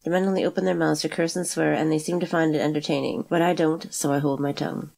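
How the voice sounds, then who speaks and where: A gloomy, surly sailor, read aloud by a woman speaks in curt, gruff words in a storybook reading. His voice sits low and the lines come briskly. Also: flat delivery, a little mellow.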